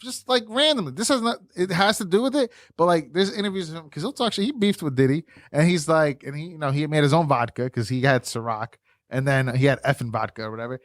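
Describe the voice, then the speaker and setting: A podcast co-host with a fairly high voice talks fast in casual chat, telling stories full of swearing and animated, acted-out quotes. The studio recording is clean, with no room sound.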